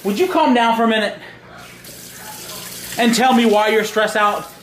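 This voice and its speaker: Exasperated son in an echoey room. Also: male voice, high-pitched, fairly even intonation, moderate pace, fairly bright tone, a little hiss or hum. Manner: exasperated, half-laughing back-and-forth. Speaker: son filming his father.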